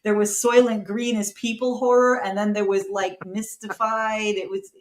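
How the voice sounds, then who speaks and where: A woman co-hosting a casual talk show, chatty and playful, quick to laugh. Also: mid-range voice, flat delivery, a little hiss or hum. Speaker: co-host introducing the show. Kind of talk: casual chat. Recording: echoey room.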